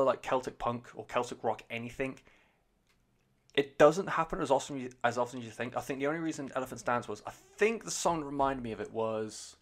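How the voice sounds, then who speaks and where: A man giving a rambling, enthusiastic and sweary casual review of an album on a podcast. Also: medium pitch.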